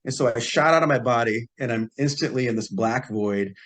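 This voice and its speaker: Man guest, mid-pitched, easygoing storyteller who acts out the quotes. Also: brisk. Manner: relaxed, acts out quoted dialogue. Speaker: podcast guest, psychic healer. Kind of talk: casual storytelling.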